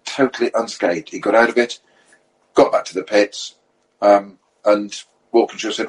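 A man telling lively anecdotes in a relaxed podcast chat, acting out the quotes in his stories. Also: lowish voice, normal speed, breathy edge, rough recording. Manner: animated storyteller, acts out quotes.

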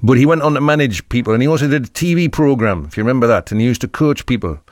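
A man's voice: mid-range voice, expressive, rapid-fire, dry recording, clean studio sound. A middle-aged man, a radio guest and impressionist, telling chatty, rambling anecdotes in a conversational interview.

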